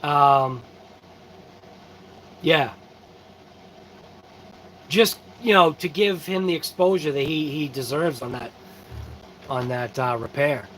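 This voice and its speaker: Tired male host, high-pitched, easygoing live-chat delivery, faint background noise. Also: takes it slowly, long pauses, fairly bright tone, rough recording. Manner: tired, yawning, laid-back and chatty. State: sleepy. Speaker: RC channel host. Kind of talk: casual live-stream chat.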